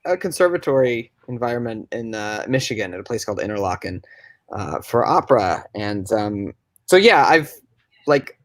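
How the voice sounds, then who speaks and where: A man's voice: lowish voice, very animated, moderate pace, no room sound. A man, a voice actor guest, telling his story in a casual chatty way with many fillers, over a video call. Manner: chatty, full of fillers and restarts. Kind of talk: casual storytelling in a panel chat.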